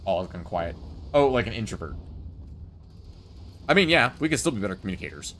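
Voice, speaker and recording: Low-voiced man chatting over gameplay. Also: very animated, brisk, a bit bright, slight background noise. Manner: chatty, joking, talks to chat. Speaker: gameplay streamer. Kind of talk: relaxed gameplay commentary.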